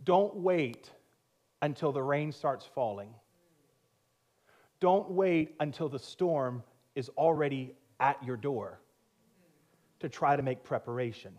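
A man's voice: medium pitch, slow, pauses often, darkish tone. A male pastor, probably in his thirties, preaching a sermon and telling a personal story with frequent laughter and self-mocking humor.

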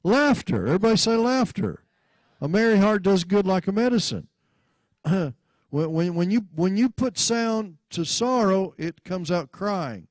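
A man with a high, animated voice preaches at a measured pace with no echo, often breaking into laughter and calling on the congregation to repeat after him. Reading scripture, he stumbles, repeating and restarting words.

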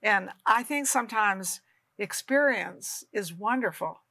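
A woman's voice: medium pitch, lively intonation, unhurried, bright, forceful tone, no room sound. A woman co-hosting a faith talk show who encourages viewers in an exhorting way. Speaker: co-host.

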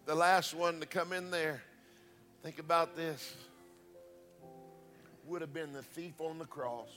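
A man preaching a sermon to a congregation, rising into chanted, shouted preaching. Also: fairly high pitch, steady tone, takes it slowly, soft background music.

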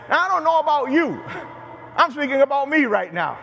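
Middle-aged male bishop, lively sermon delivery, very high pitch, cathedral reverb. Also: moderate pace, gravelly, dull audio. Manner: animated preaching, questions to the congregation. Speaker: bishop preaching at Mass. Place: large cathedral.

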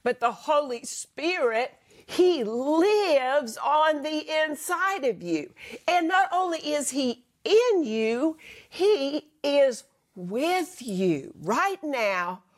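Slow, lively-voiced middle-aged woman teaching. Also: high voice. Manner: earnest, slow, speaks straight to the viewer. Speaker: co-host, Bible teacher. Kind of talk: encouraging Bible teaching.

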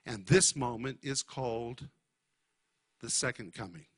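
A man teaching a sermon on the Bible, emphatic and deliberate, spelling out Greek words for his listeners. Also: medium pitch, slightly rough.

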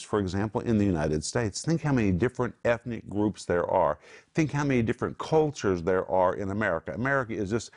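A man gives Bible teaching on a Christian broadcast, pressing his points with an emphatic, preacher's rhythm. His voice sits at an ordinary middle pitch for a man. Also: darkish tone. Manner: emphatic preaching cadence, quotes scripture. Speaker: co-host of a Christian TV program.

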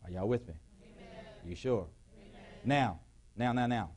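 A male pastor preaching a sermon in a church, with call-and-response questions to the congregation, sometimes rising to shouts. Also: mid-range voice, moderate pace. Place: church sanctuary.

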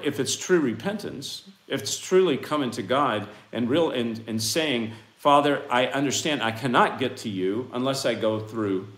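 A man preaching a fiery sermon, reading scripture and swinging from hushed asides to loud, impassioned outbursts. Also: medium pitch. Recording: echoey room.

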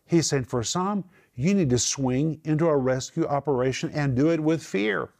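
A man's voice: a little high, gravelly, darkish tone. Emphatic male Bible teacher. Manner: emphatic, drawn-out stressed phrases.

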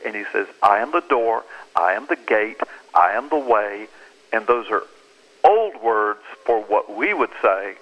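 Male author-pastor guest, bright voice, emphatic preacherly delivery. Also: lowish voice, sing-song, unhurried, low-quality recording. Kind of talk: animated interview talk.

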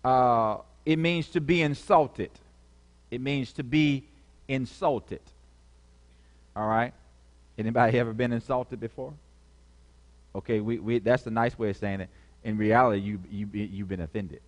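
A man's voice: mid-range voice, steady tone, measured pace, pauses often. A man preaching a sermon, repeating key words and calling for answers from the congregation. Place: church. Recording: long reverb of a church hall.

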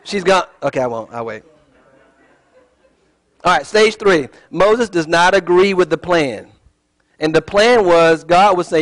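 Man, fairly high voice, relaxed sermon teaching with joking asides and tangents. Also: unhurried, pauses often, low-quality recording. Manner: chatty and digressive, with joking asides. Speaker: Bible teacher.

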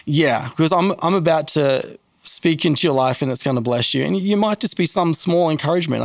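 A fairly high, gravelly male voice belongs to a podcast guest sharing faith stories in a casual way. He's animated and raises his voice whenever he acts out the people he quotes. No room sound, clean studio audio.

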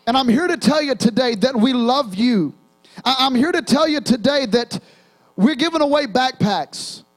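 Young male pastor, very high voice, rousing call-and-response sermon with sung hymn lines. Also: expressive, moderate pace, soft background music. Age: young adult. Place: church sanctuary.

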